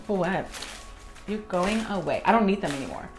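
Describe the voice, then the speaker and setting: A young woman, a professional organizer, telling an animated story in a vlog while she tidies, acting out her own past reactions. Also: mid-range voice, moderate pace, faint music behind.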